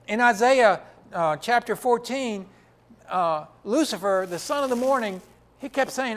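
A man's voice: high-pitched, very animated, a little slow. A man preaching a sermon, asking the congregation rhetorical questions and answering them himself.

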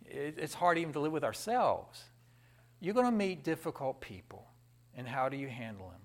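Lively conversational male preacher. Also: fairly high pitch, moderate pace. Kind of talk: sermon.

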